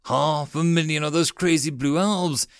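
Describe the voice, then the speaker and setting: A man's voice: on the high side, fairly even intonation, a little slow, smooth, dry recording, pitched above the performer's own voice. A man voicing a nervous male petty officer who talks in an urgent, panicky way.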